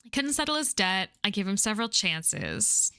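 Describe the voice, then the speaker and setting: A woman's voice: mid-range voice, very animated, moderate pace, sharp tone, smooth, dry recording, studio quality. A woman putting on a menacing Irish gang boss. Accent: put-on Irish.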